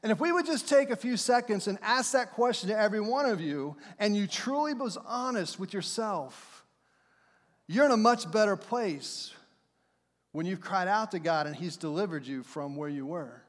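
Man, pastor, high voice, animated sermon, storytelling, long hall reverb. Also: moderate pace. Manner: storytelling, animated, acts out shouts and quotes. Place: church sanctuary.

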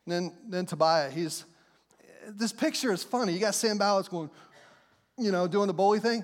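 A man's voice: sits high, brisk, long reverb tail. A middle-aged man preaching a sermon as a pastor, telling stories in a folksy, plain way. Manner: folksy storytelling, plain speech.

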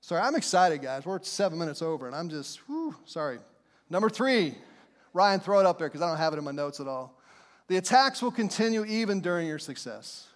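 A man's voice: high-pitched, sing-song, a little fast. A man preaching a sermon in a church, fervent and conversational, often putting questions to the congregation. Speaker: pastor. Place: church sanctuary. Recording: long reverb of a large hall.

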